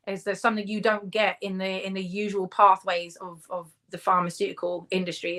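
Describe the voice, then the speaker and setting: A woman from the UK talks as an interview guest at a middle pitch. She tells stories in a chatty way and laughs as she goes. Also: sharp tone. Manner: chatty, laughs mid-story. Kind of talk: casual interview storytelling.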